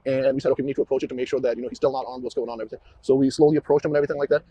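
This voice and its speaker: A man, a police officer, walking investigators through events in a halting way, often repeating words and restarting. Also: mid-range voice, fairly even intonation, warm tone, slight background noise. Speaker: police officer questioned about a shooting. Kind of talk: recorded interview walkthrough.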